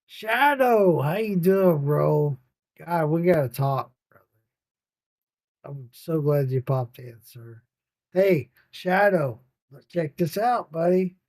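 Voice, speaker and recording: Late-night podcast host, male, tired and loose, swears a lot; mellow dark timbre, dry room. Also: on the high side, animated, slow pace, no room sound. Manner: rambling, swearing, laughing with viewers. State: tired, yawning. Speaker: podcast host reading live chat. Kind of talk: casual livestream chat.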